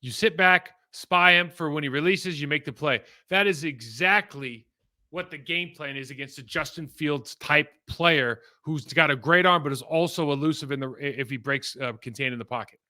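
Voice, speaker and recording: A man's voice: a little high, moderate pace, sharp tone. A man casually breaking down football game film, talking in a rambling, conversational way that trails off and restarts.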